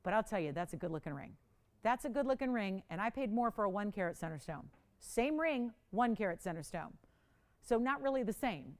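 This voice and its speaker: A woman hosting a live TV jewelry auction, chatty and pleading, quick to laugh. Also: mid-range voice, expressive. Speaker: live shopping host. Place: TV studio.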